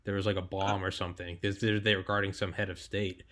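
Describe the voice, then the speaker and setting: A man's voice: low voice, little pitch movement, fast talker, fairly bright tone. A young man hosting a podcast, chatting casually and animatedly, swearing and laughing as he tells stories. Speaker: podcast host.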